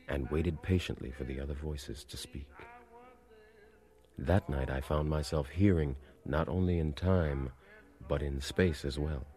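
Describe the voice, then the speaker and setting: A man giving a measured, reflective audiobook narration of a literary story. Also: very deep voice, warm tone, husky.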